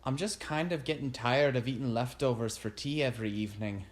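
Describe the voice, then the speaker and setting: A man's voice: medium pitch, a little fast, close to an everyday voice. A man voicing a small, careful Scottish woman inventor with a thick Scottish accent, in a storybook reading. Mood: practical. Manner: careful, dry, thrifty.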